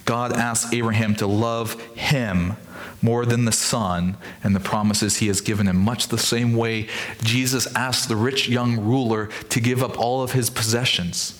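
A man preaching a sermon as a pastor, talking through scripture and acting out the quoted speech with lively emphasis. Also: mid-range voice, unhurried.

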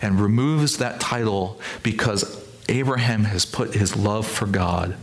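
A man preaching a sermon as a pastor, talking through scripture and acting out the quoted speech with lively emphasis. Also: fairly low pitch, unhurried.

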